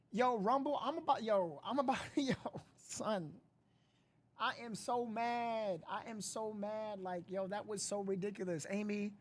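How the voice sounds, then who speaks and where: A woman hosting a casual livestream, frustrated and rambling loudly while thanking viewers. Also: medium pitch, slightly rough. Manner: frustrated, loud, swearing, rambling. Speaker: livestream host reacting to a live stream.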